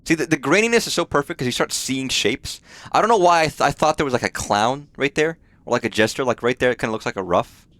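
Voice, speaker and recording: A man's voice: medium pitch, expressive, fast talker, few pauses, fairly bright tone, no echo. A man streaming a game live, chatting casually in a rambling way, swearing often and full of fillers. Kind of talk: casual live gameplay chat.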